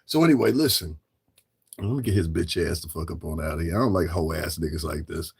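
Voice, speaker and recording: A man's voice: deep voice, fairly quick, vocal fry, darkish tone, breathy edge. A middle-aged man hosting a livestream, ranting in a profane, confrontational way and repeating himself for emphasis. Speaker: livestream commentator. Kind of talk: livestream rant.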